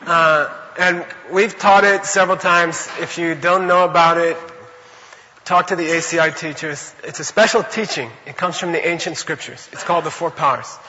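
A man giving an animated, conversational Buddhist teaching to a class, often checking in with his listeners. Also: a little high, normal speed, long reverb tail, lo-fi sound, slight background noise. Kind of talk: dharma lecture to a class.

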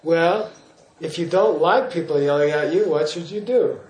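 A man's voice: a little high, moderate pace, a little mellow. A man giving a Buddhist teaching in class, in a playful way, often checking in with his listeners. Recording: roomy hall echo.

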